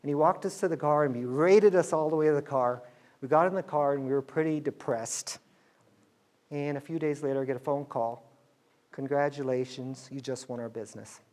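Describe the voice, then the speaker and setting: A man's voice: mid-range voice, steady tone, fairly quick, a little mellow. A middle-aged man telling a business story to students, acting out the dialogue in quoted voices.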